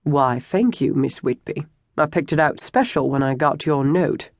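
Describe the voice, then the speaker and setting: An audiobook narrator voicing a rough older man, a former lawman turned hired thug, wry and sardonic. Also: mid-range voice, normal speed, no echo, close to an everyday voice. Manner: sardonic, dry wit.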